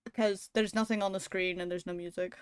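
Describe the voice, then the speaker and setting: A woman live-streaming a story game, reading along and chatting, animated, laughing often and swearing casually. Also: mid-range voice, a little fast, clear, resonant tone, no echo, studio quality.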